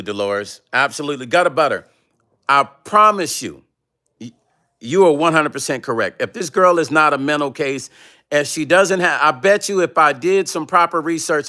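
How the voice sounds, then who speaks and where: A man's voice: on the high side, pushed and bright. A man hosting his own livestream, ranting confrontationally and profanely at a rival, reading chat comments aloud. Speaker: vlog host reading live chat. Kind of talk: heated livestream rant.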